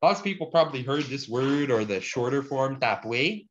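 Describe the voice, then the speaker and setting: A man teaching a relaxed language lesson, slowing down to drill words and using casual fillers. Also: medium pitch, a little hiss or hum. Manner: slow deliberate pronunciation drills, casual fillers. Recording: dull lo-fi sound.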